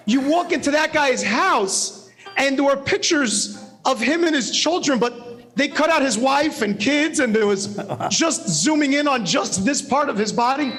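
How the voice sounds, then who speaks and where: A man's voice: very high-pitched, lively intonation, unhurried, creaky, a bit bright. A man speaking at an event, telling a rambling, self-mocking story and laughing often. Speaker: guest speaker. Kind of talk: humorous storytelling talk. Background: faint music.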